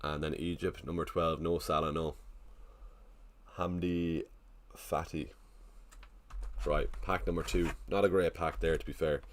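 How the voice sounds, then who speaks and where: A man's voice: extremely low pitch, steady tone, unhurried, long pauses, slight background noise. A man casually chatting on a live stream, thinking aloud and greeting viewers in the chat. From Ireland.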